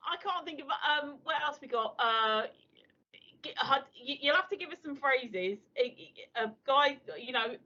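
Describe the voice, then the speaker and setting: A South London woman in her fifties or sixties, co-hosting a casual livestream. Her voice is high and bright, and she rambles hesitantly with plenty of ums and uhs. The stream audio sounds dull and lo-fi. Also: expressive, a little slow. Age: 50s or 60s. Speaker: livestream co-host. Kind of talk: casual chat.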